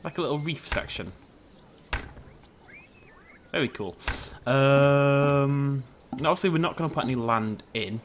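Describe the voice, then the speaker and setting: A man's voice: mid-range voice, animated, measured pace, long pauses, noisy background. A young man chatting casually through a gameplay video, joking and talking to the animals on screen. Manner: chatty, jokey, talks to the animals, sudden shrieks of surprise. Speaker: gaming video host. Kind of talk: casual let's play commentary.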